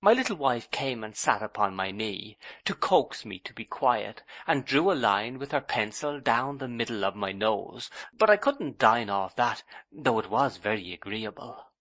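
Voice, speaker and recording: A man's voice: medium pitch, very animated, normal speed, hardly any pauses, fairly bright tone. A man narrating a classic novel as an audiobook in the first person, telling the scene expressively. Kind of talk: scripted narration.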